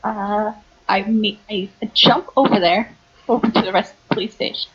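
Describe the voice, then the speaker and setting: Brash, breathy young woman player. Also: medium pitch, normal speed, highs cut off. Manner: brash, gleeful, laughs often. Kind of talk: playing a tabletop game.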